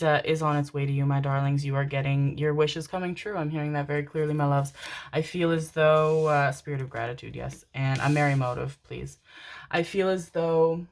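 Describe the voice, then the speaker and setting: Low-pitched young woman, tarot reader, warm endearments, effusive and repetitive. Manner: affectionate, calls listeners "my darlings"; gushing, stacks repeated words. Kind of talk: casual tarot reading to camera.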